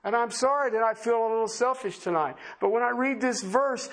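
A man with a notably high voice delivers an impassioned sermon. He presses his listeners with repeated, emphatic questions, preaching with urgency to a gathered congregation. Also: brisk, fairly bright tone. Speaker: pastor. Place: church service before a congregation.

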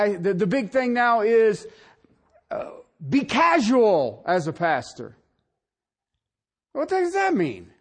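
A middle-aged male pastor preaching a sermon, swinging from soft asides to shouted emphasis. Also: sits high.

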